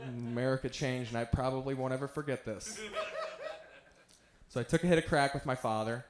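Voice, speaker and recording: Stand-up comic, man in his thirties, self-mocking and offhand, mid-pitched, live room echo. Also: steady tone, brisk, noisy background. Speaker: stand-up comedian. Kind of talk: stand-up storytelling.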